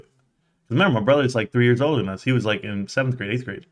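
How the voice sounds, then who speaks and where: Animated storytelling man. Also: fairly quick. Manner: animated, acts out quotes in a high voice; conversational, with fillers and restarts. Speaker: livestream host. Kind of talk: casual personal storytelling.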